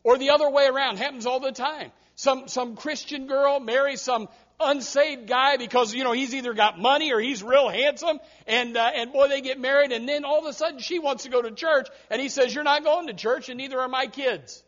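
High-voiced fiery preacher man, lo-fi recording. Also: steady tone. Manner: swings from low asides to loud preaching; repeats words in quick restarts. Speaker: pastor. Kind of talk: fiery sermon. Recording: dull lo-fi recording.

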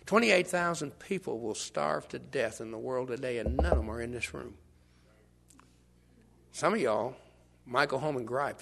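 An older man preaching a sermon, shifting from hushed asides to shouts as he acts out scenes. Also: mid-range voice, moderate pace, vocal fry, pauses often, slight background noise. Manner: animated, swings from hushed to shouting, acts out bystanders.

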